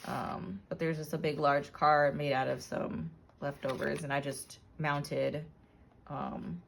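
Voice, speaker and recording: A woman casually narrating a flip-through of her handmade journal, relaxed, with frequent ums and self-corrections. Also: sits low, slow, gravelly, slight background noise.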